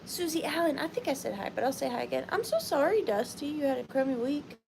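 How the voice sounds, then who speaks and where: A woman's voice: high-pitched, expressive, quick pace, creaky, a little mellow, a little hiss or hum. A young woman with a Southern US accent, sleepy, hosting a chatty live vintage sale from a chair at home and cooing at her pet rabbit in sing-song baby talk. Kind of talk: chatty live stream greeting viewers. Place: home room, seated in a chair.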